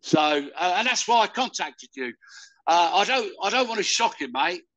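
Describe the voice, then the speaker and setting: An older man from the UK, talking loudly and rambling in a casual interview. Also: sits high, expressive, normal speed, lo-fi sound. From United Kingdom. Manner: loud, rambling, calls the listener "mate". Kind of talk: casual conversation.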